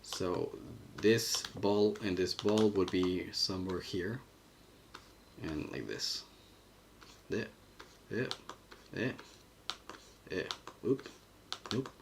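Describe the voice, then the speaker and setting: A man's voice: fairly low pitch, a little slow, slight background noise. A man streaming his animation work, thinking aloud in casual commentary as he draws and reads the chat. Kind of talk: casual livestream commentary while drawing.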